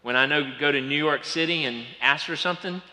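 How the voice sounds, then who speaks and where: A man from Atlanta with a Georgia Southern accent, preaching a sermon as pastor with folksy storytelling, often dropping to quiet asides. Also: on the high side, brisk. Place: large church sanctuary. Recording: long hall reverb.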